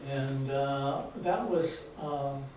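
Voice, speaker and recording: A man, an author, talks casually and haltingly about his book at a lecture event. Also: mid-range voice, a little mellow. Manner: hesitant, many fillers. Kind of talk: book talk and reading. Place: lecture hall. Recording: echoey hall, mic from far off, faint noise.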